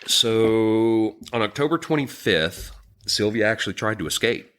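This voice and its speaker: A man co-hosting a podcast, recounting a true crime story in a somber, halting way, with frequent ums and restarts. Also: fairly low pitch, animated, a bit bright, slight background noise. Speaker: podcast co-host.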